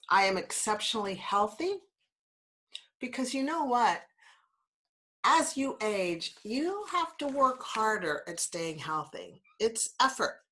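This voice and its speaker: A woman's voice: mid-range voice, sharp tone. A woman in her fifties from New Zealand, slightly congested, hosting a podcast with an upbeat, encouraging motivational talk full of repeated affirmations. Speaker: podcast host.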